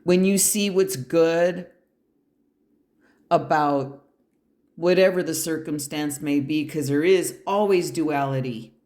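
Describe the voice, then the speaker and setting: A tarot reader with a mid-range, slightly mellow voice gives a pick-a-pile reading, speaking slowly with frequent pauses in a room with an echo. The reader is blunt and emphatic, swears freely and encourages the listener, speaking to them directly.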